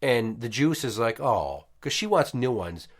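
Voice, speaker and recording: A man's voice: medium pitch, measured pace. A man in his thirties, a podcast host, telling a story at home with lots of swearing and acted-out quotes. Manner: profane, animated, acts out quotes. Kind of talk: casual storytelling.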